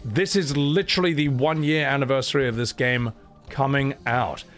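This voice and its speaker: A man's voice: mid-range voice, steady tone, normal speed, fairly bright tone, faint music behind. A man streaming live, chatting casually with his viewers, swearing and laughing as he reacts to their comments.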